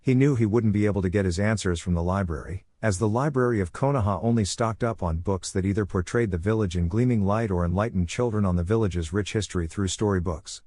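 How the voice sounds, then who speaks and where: A man reading a fan fiction story aloud in a steady narration. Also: on the low side, fast, hardly any pauses, dry recording.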